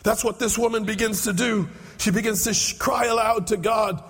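A man preaching a sermon as pastor, repeating his phrases and building up to shouts. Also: high-pitched, fairly even intonation, moderate pace, creaky, slightly rough. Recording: echoey hall with long reverb.

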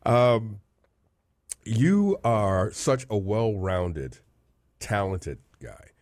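A man hosting a faith music radio show, interviewing a guest in an upbeat, lively way. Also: low voice, dry recording. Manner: upbeat, lively questioning with laughs. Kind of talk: interview chat.

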